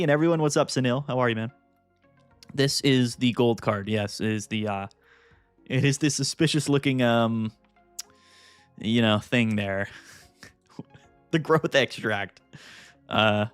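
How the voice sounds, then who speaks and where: A man hosting a live card-game stream, chatting casually and getting excited, thinking aloud with lots of fillers. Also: medium pitch, no room sound. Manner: excitable, thinks aloud, frequent fillers, jumps between topics.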